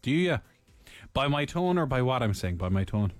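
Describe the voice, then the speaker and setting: A man with an Irish accent, co-hosting a morning radio show in excitable, joking chat. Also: mid-range voice, moderate pace, no room sound, faint music behind. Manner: excitable, laughing banter. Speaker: radio host. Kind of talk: casual chat.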